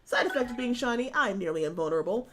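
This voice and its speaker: A woman's voice: a little high, expressive, fast, noisy background, lightly acted. A woman reading aloud as a confident, muscular woman superhero from a dating game, blunt and teasing. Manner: brash, teasing, easygoing.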